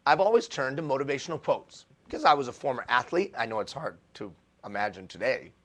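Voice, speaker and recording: A male motivational speaker giving a live keynote talk, animated and self-deprecating, repeating phrases for emphasis. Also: medium pitch, fast talker. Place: stage before a live audience.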